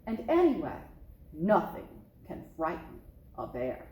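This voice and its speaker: A woman's voice: sits low, wildly swooping pitch, measured pace, a little mellow, voice pushed down, exaggerated voice. A woman voicing a big, confident father bear who reassures his cub in a bluff way, recorded in an echoey room.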